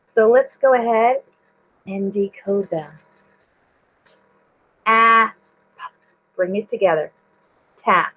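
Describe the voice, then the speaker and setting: A woman teacher guides young children through a reading lesson, sounding out each letter and offering praise. Her voice sits a little high and moves slowly and deliberately. The recording is dull and lo-fi. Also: faint music behind.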